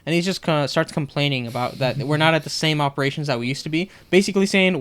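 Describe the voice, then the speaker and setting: A man's voice: fairly high pitch, fast, few pauses, clear, resonant tone. A young man co-hosting a podcast, casually retelling work stories and acting out what customers said. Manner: animated, acts out customers' lines in retelling. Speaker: podcast co-host. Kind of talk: casual storytelling chat.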